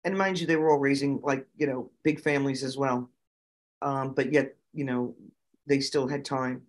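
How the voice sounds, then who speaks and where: A middle-aged woman, a guest on an interview show, telling lively stories with many fillers and giving emphatic advice. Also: very deep voice, moderate pace. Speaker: guest, nonprofit founder and autism parent. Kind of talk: conversational storytelling interview.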